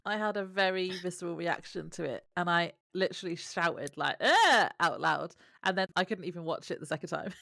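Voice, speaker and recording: Female co-host, low gravelly voice, dry close sound, chatty and quick to laugh. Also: steady tone, a bit bright, no room sound. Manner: chatty, laughs often, trails off mid-thought. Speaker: podcast co-host. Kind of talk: casual recap chat.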